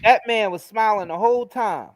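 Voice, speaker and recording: High-voiced emphatic man chatting. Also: normal speed, dry recording, poor audio. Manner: animated, emphatic, slangy. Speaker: host. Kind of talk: casual chat.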